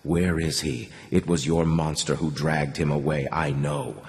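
A man's voice: rumbling low, little pitch movement, unhurried, big-room sound, voice pushed down. A man voicing a young male captive who questions his captors tensely and urgently.

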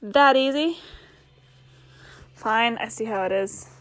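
A woman's voice: a little high, slow, no echo. A young woman playing a game and commenting as she goes, reading its text aloud and mocking herself in exasperated mutters. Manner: self-deprecating, exasperated muttering. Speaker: gamer. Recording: faint game music behind.

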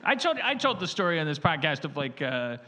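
A man's voice: fairly high pitch, very animated, fairly quick. Rambling man telling a stage story. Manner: rambling, self-interrupting, with sudden loud outbursts. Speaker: podcast host. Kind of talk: comedic storytelling before a live audience.

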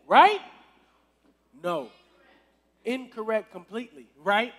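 A man's voice: very high-pitched, big pitch swings, unhurried, pauses often, fairly bright tone. A man leading a casual youth sermon in a church service, talking conversationally and checking in with the crowd often. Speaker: youth minister. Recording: long reverb in a hall.

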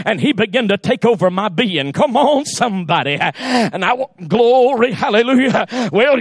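A preacher in full fervor, a man shouting his sermon in a very high, gravelly voice that turns husky at the edges. His fast bursts break up on drawn-out "uh"s, and the sound is close and dry. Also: no room sound. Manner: shouting, fervent, frequent "uh" between phrases. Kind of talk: Pentecostal sermon. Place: church sanctuary.

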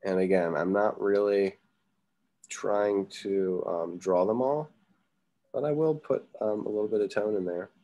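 A man teaches a drawing lesson as he works. His voice sits low, and his talk wanders easily between instructions and asides. He pauses often with ums. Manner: relaxed, thinking aloud with many ums. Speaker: art teacher. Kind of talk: casual live drawing lesson.

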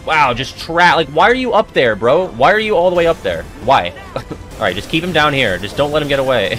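A young man giving profane, jokey, excitable commentary as he plays a video game. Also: medium pitch, normal speed, soft background music. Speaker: gamer and video host. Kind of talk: let's-play game commentary.

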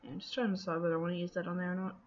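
A woman talking casually through her scrapbooking process, relaxed and chatty, with plenty of ums and thoughts that trail off. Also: on the low side, racing. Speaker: scrapbooking video host. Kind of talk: casual craft process narration. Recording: dull lo-fi with faint noise.

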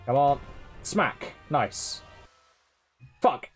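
Lively, cursing male game streamer. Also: medium pitch, very slow, soft background music. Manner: swears often and teases chat; laughs often. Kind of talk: live gameplay commentary.

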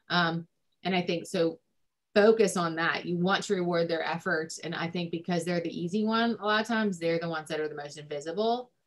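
A woman's voice: deep voice, fairly bright tone. A woman family therapist giving advice in a recorded discussion, conversational with frequent ums and likes.

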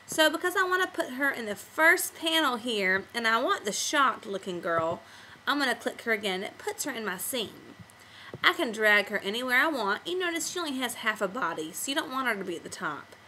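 A woman's voice: fairly high pitch, animated, brisk, pushed and bright, slight background noise, poor audio. A woman teacher walking children through making a comic on screen, patient and step-by-step. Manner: patient, step-by-step classroom explaining. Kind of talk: screen-recorded software tutorial for kids.

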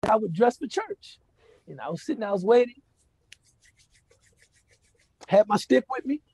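Man, lecturer, storytelling, high pitch, husky, conversational, dry sound. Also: sing-song, normal speed, darkish tone, dry recording. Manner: conversational, frequent rhetorical "right?" and "you know". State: moved to emotion. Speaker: Islamic speaker giving a lecture.

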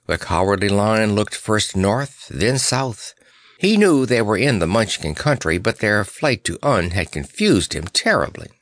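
A man narrating a children's storybook in an expressive, unhurried reading. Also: on the low side, no echo, studio quality. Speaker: audiobook narrator.

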